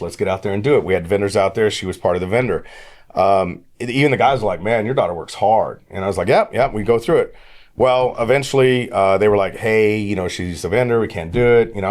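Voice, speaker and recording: Middle-aged male podcast guest, low-ish voice, animated storyteller who voices quoted dialogue. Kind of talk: casual storytelling.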